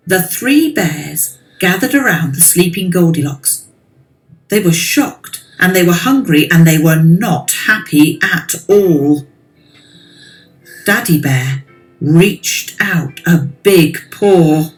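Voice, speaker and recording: A woman narrating a children's storybook in a slow, expressive, lilting way. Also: sits low, soft background music, poor audio.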